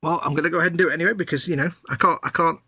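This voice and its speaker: A man's voice: on the high side, fairly even intonation, rapid-fire, bright, forceful tone, breathy edge, no echo. A man co-hosting a live model-building stream, playful and silly, punning and laughing at himself. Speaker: livestream co-host. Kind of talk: casual banter while model building.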